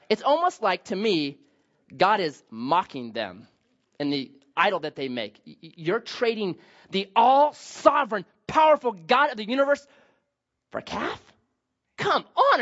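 A man's voice: high-pitched, a bit bright. A man pastor giving a sermon, telling Bible stories with humor and acted asides, on a dull lo-fi recording.

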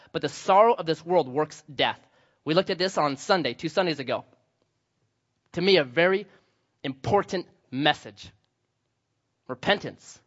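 A middle-aged man preaching a sermon as pastor, telling stories with animated quoted voices. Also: on the high side, lo-fi sound.

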